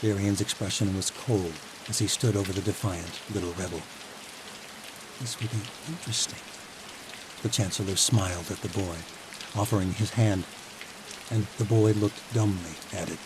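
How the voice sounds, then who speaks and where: A man with a fairly low voice reads a fantasy audiobook calmly and evenly. Steady rain is clearly audible behind his narration. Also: moderate pace, noisy background.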